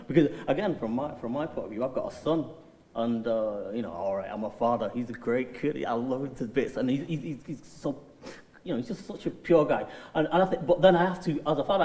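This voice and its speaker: A man's voice: mid-range voice, mellow. A man interviewing an author at a festival, asking questions hesitantly with many "uh"s and "um"s. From England. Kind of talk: conversational interview. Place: festival hall. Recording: hall reverb.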